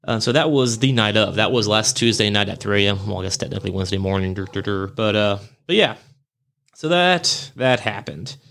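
A man's voice: lowish voice, animated, a little fast, gravelly, fairly bright tone. A man hosting a podcast, telling a personal ghost story in a rambling, self-correcting way and chuckling at himself. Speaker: podcast host. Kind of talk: casual storytelling monologue.

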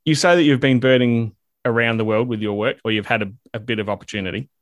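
A man hosting a podcast, asking questions in a relaxed, chatty way. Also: medium pitch, fast, dry recording. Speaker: podcast host. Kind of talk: casual interview questions.

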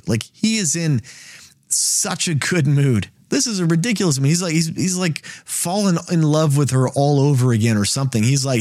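A man's voice: on the high side, expressive, normal speed, darkish tone, dry recording, studio quality. A man hosting a Bible study, teaching casually and thinking aloud with repeated words and asides.

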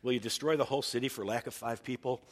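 A man's voice: medium pitch, fairly even intonation, fast talker, in a large hall. A man preaching a sermon as pastor, earnest and thinking aloud, often restarting his sentences.

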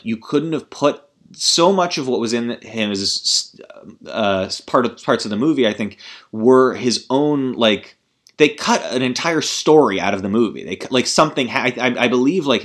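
A man's voice: medium pitch, fairly bright tone. A man hosting a podcast, ranting about a film in a rambling, exasperated way, with profanity and many restarts. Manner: rambling, exasperated, swearing, full of restarts and asides. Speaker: podcast host. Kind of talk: casual film-review rant.

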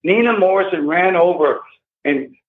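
A high-pitched man in his sixties, speaking at normal speed, shares an emotional first-person account in an interview. He's agitated and emphatic, repeating himself, and the tinny phone connection has an echo.

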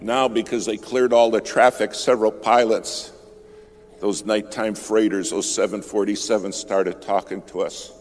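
A man with a very low voice tells a sermon story, building to loud, emphatic peaks and falling back to hushed, near-whispered lines. Music plays clearly beneath him throughout. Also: fairly even intonation, moderate pace. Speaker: preacher. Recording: music bed under the voice.

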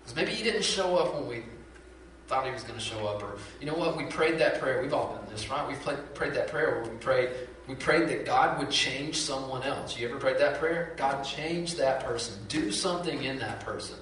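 Echoey, bright-voiced pastor preaching. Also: male voice, mid-range voice, moderate pace, slight background noise. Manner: animated, conversational storytelling with lots of asides. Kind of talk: sermon. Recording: very echoey hall from far off.

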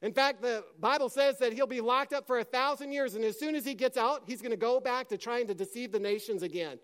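A man preaching a sermon with passion, dropping to a hush and then rising to a shout as he acts out scripture scenes. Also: very high voice, fairly quick, clean tone. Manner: impassioned, swings from hushed to shouting; acts out scripture dialogue in character.

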